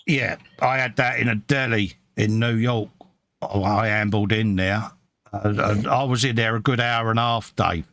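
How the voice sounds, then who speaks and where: A man's voice: lowish voice, moderate pace, a little hiss or hum. A middle-aged man with a Cockney accent, chatting casually on a live stream and reading out viewer comments. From East End of London. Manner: chatty, lively storyteller.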